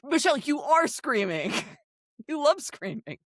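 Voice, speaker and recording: A woman co-hosting a casual recap chat, animated, laughing often and acting out quotes. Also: high-pitched, a little slow, dry recording, clean studio sound. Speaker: podcast co-host.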